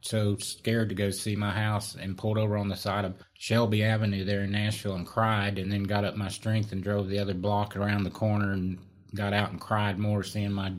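A man in middle age recounts a personal story as a guest, his voice sitting somewhat low. He talks in an animated, self-mocking way. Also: a little hiss or hum. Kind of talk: conversational storytelling.

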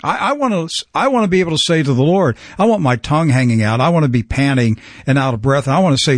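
Male talk host, high-ish lively voice, fervent preaching delivery, dry close sound. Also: quick pace, hardly any pauses, no echo. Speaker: program host. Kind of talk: religious talk show conversation.

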